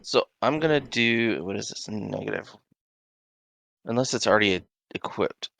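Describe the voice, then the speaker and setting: A low-voiced man with a gravelly edge plays in a tabletop game. He is unsure of the rules and talks himself through his turn. The sound is close and dry. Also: moderate pace, a bit bright, no room sound. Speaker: player. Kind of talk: casual game chat.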